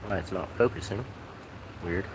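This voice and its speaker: Low-voiced man streaming from a rainy porch. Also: normal speed. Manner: relaxed, rambling, talks to cats and chat. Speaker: live streamer. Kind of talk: casual live-stream chat. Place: outdoors on a porch in the rain. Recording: rain noise outdoors. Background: rain.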